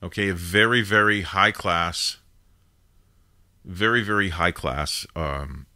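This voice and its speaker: A man's voice: low-pitched, slow pace, pushed and bright. A man in his fifties hosting a live call-in show, telling a family story in a rambling, casual way full of asides. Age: 50s. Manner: rambling, digressive, with frequent "now" and "you know" asides.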